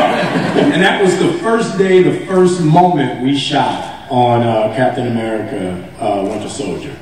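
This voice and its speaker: A man on a convention stage telling funny stories in a casual, animated way, laughing and acting out what people said. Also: mid-range voice, unhurried, a little hiss or hum. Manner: animated, laughing, acts out quotes with a raised voice. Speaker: actor on a convention stage panel. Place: large convention hall. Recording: echoey hall, mic heard from a distance.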